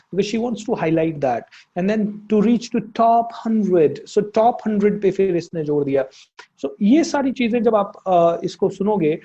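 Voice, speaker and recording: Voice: medium pitch, dark tone. An English teacher with an Indian accent, talking through a casual lesson with many fillers and restarts. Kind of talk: casual spoken lesson, mixing in Hindi. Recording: dull lo-fi sound.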